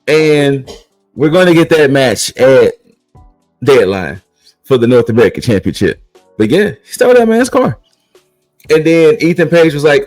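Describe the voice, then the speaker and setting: A man's voice: mid-range voice, sing-song, a little slow, darkish tone, dry recording, soft background music, low-quality recording. Laid-back male co-host, rambles and restarts, mid-range voice, dry booth sound. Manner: rambling, repeats and restarts phrases. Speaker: podcast co-host recapping wrestling. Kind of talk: casual recap chat.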